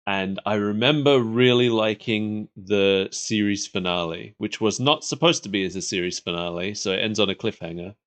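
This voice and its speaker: A man's voice: on the low side, normal speed, few pauses. A man co-hosting a podcast, chatting casually about an old cartoon and laughing often. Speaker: podcast co-host. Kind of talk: casual chat reviewing a cartoon.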